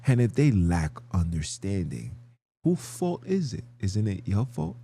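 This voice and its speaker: A man hosts a live podcast in a husky voice that sits a little low. His delivery is preachy and argumentative, with slang and a string of rhetorical questions. His pitch swings widely as he presses his points. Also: big pitch swings, a little slow, warm tone. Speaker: podcast host. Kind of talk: livestream podcast monologue.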